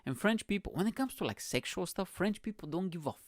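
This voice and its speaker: A young man hosting a comedy podcast, telling a story in an energetic, profane, rambling way. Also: sits high, fast, no echo, studio quality. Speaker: podcast host. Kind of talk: casual comedic podcast monologue.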